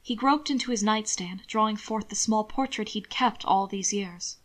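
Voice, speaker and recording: Reading fan fiction out loud, a woman keeps her middle-pitched voice gentle and steady. She moves through every scene calmly, without rushing, in an even tone.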